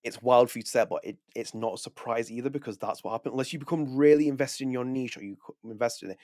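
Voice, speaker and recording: A man co-hosting a video podcast, talking casually in a rapid, animated way with frequent restarts. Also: medium pitch, no room sound, clean studio sound. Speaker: podcast co-host. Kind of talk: casual chat.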